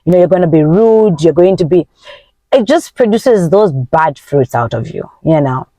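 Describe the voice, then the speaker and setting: A woman whose first language is Nyanja, talking as a self-help coach. She gives emphatic, faith-filled encouragement in a vlog, with big swings in pitch and tempo. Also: expressive, normal speed, dark tone, no echo. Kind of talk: motivational vlog talk.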